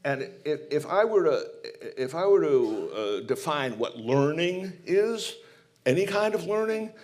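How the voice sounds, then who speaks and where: A man's voice: on the high side, big pitch swings, a little slow, darkish tone. A man from Maine, a humorist telling anecdotes and reflecting on humor in a live stage interview, speaking in a rambling, searching way. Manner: rambling anecdotal storyteller, many fillers and restarts, reflective. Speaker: humorist guest. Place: small live performance venue.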